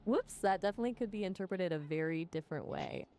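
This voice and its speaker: A woman's voice: fairly low pitch, expressive, fast talker, noisy background. A synthetic woman's voice acting as an AI companion, chatty and full of playful quips. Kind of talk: conversational AI chat.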